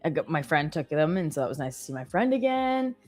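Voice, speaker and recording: A fast-talking woman with a low, darkish voice sounds very animated, with faint music behind her. She's from Canada, in her thirties, and co-hosts a live trading stream, chatting casually through filler-rich stories.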